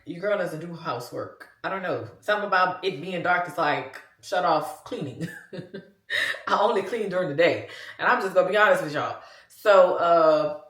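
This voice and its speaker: A woman's voice: lowish voice, fairly bright tone, roomy sound. A woman in her forties with a Louisiana accent, chatting casually to her viewers in a vlog and calling them "y'all". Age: 40s. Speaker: vlogger.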